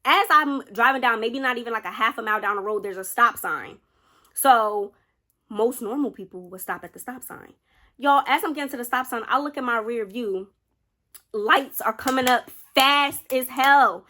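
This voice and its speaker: A young woman vlogger telling a personal story in a chatty, animated way, often speaking straight to her viewers. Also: fairly high pitch, moderate pace. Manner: chatty, animated, keeps addressing viewers directly. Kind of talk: casual storytime narration.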